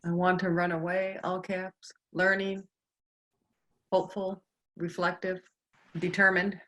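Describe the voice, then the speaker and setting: Female co-host, bright tone, slow and deliberate, reading out a list of words from the chat. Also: on the low side, level tone.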